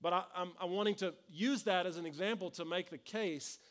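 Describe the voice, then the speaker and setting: A man's voice: high voice, brisk, fairly bright tone. A man, preaching a sermon in an earnest, conversational way with frequent restarts. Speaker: pastor.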